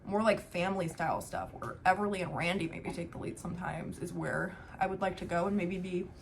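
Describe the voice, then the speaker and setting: Her voice is fairly low and gravelly, and she talks fairly quickly: a young woman in her twenties vlogging about family life at home, baby in her arms. Candid and reflective, she leans heavily on "um" and "like" in this casual talk to camera, with faint background noise.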